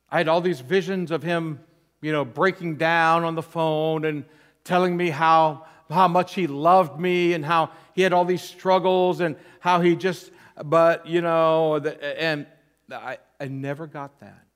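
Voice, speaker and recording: With a clear, resonant voice and a steady, unhurried delivery, a man preaches a personal testimony as interim pastor. His candid anecdotes come with earnest self-deprecation, and at the tender points his voice quiets and dips lower.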